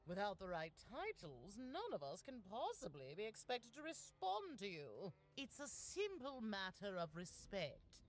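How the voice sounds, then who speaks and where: An actress playing a snobbish high-society lady who lectures others in a sniffy, disdainful way. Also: wildly swooping pitch, measured pace, hardly any pauses. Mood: snooty.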